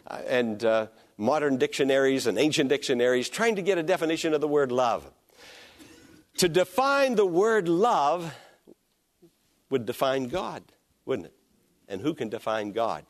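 High-voiced, emphatic male pastor preaching. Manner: emphatic and repetitive, drawing out key phrases, calling on listeners to repeat. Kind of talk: sermon.

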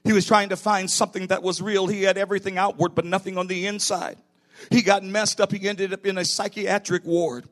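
A man's voice: high voice, flat delivery, a little fast, a bit bright. A middle-aged man preaching a sermon in a church as pastor, building to emphatic bursts.

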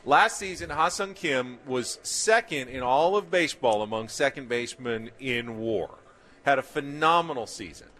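A man co-hosting a sports talk show, explaining his views in a measured, emphatic way. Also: medium pitch, pushed and bright. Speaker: sports radio co-host.

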